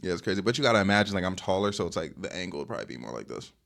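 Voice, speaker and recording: A young man tears through a storytime rant at high speed, slangy and boastful as he rambles from one tangent to the next. His voice sits fairly low, and he is talking into a webcam setup at home. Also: big pitch swings, racing, gravelly, fairly bright tone. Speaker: streamer telling a dating story.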